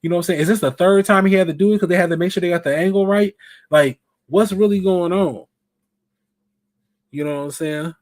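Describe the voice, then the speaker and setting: A man's voice: high-pitched, brisk, darkish tone, no room sound, clean studio sound. A man hosting a live stream show, chatting casually and animatedly and asking his viewers questions.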